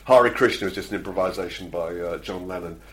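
A man's voice: low-pitched, quick pace. A middle-aged man, chatting casually as a podcast co-host, self-deprecating and full of fillers and restarts. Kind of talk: casual chat.

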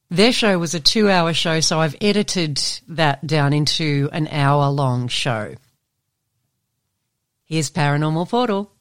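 An Australian woman presenting a community radio show in a friendly, chatty way. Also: low voice. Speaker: community radio host and guest.

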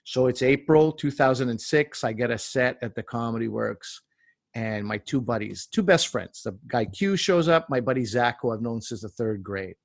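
A man in his forties from Canada, a comedian guest telling stories in a casual, animated way and acting out the voices. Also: medium pitch, moderate pace, vocal fry, no echo, clean studio sound. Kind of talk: casual storytelling.

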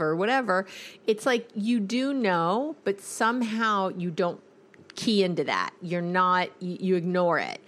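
Middle-aged woman, therapist and podcast host, casual advice monologue, animated when quoting. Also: mid-range voice. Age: middle-aged or older. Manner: conversational, lists words slowly, quotes clients animatedly.

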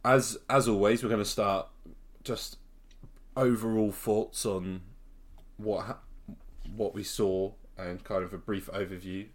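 A man's voice: lowish voice, fairly even intonation, measured pace, pauses often. A man co-hosting a podcast, casual and teasing, laughing a lot and swearing now and then. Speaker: podcast co-host. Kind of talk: casual chat.

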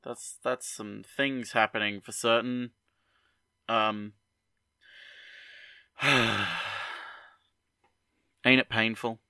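A man co-hosting a podcast, talking in a rambling, halting way with lots of fillers. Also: fairly low pitch, level tone, sharp tone, clear, resonant tone, no echo. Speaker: podcast co-host. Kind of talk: casual podcast chat.

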